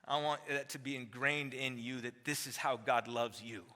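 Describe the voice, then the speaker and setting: A man's voice: medium pitch, fairly even intonation, normal speed, pushed and bright. A man in his forties preaching a sermon as a teaching pastor, emphatic and conversational, tossing rhetorical questions to the congregation. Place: large church sanctuary. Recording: long hall reverb.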